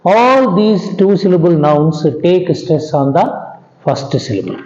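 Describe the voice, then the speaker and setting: A man with an Indian English accent gives a patient classroom lecture in a high, mellow voice. He talks slowly, repeats his points, and keeps checking that his students understand. The sound is echoey and dull, like a lo-fi recording in a bare room. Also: animated. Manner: slow and repetitive, checks in with "understand?"; drops pitch at the ends of sentences. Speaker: English grammar teacher.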